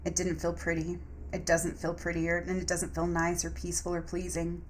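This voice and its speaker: A woman with a fairly low voice talks through her week like a spoken journal. She moves between slow, gentle affirmations and blunt, profane outbursts. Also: a little hiss or hum. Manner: affirmations, mixing calm reflection with sudden profane venting. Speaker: spiritual vlogger.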